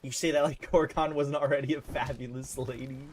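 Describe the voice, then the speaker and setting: A man with a steady, mid-range voice streams a video game, talking briskly over slight background noise. In casual gaming commentary, he playfully trash-talks the on-screen characters in a mocking sing-song, jumping between loud taunts and mumbles.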